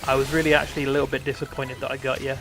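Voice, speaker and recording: Gravelly guy streaming a game. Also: mid-range voice, level tone, very fast, music in the background. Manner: swearing, self-mocking, laughs easily. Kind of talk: casual live game commentary.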